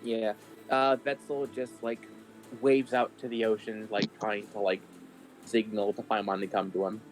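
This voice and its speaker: A man's voice: fairly low pitch, little pitch movement, a little slow, faint music behind. A man playing in a tabletop game, chatting casually and rambling with lots of fillers. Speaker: player.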